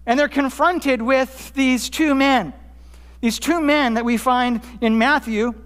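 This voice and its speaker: A pastor preaching a sermon, rising for quoted cries and dropping low on his key points. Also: takes it slowly, fairly bright tone, clear, resonant tone. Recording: long hall reverb.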